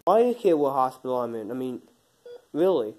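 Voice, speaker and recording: A young man playing a bitter, hot-tempered man who was shot and now lies in hospital, yelling accusations in an amateur phone-call drama. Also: medium pitch, very animated, brisk, voice pushed down, natural voice. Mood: angry. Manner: angry, shouting, accusing.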